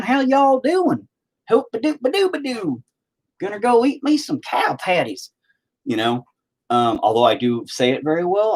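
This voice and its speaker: A blunt, rambling man talks through a casual monologue, swearing as he goes. His voice is a little husky, and his pitch rises and falls a lot. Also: low-quality recording. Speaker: podcast host.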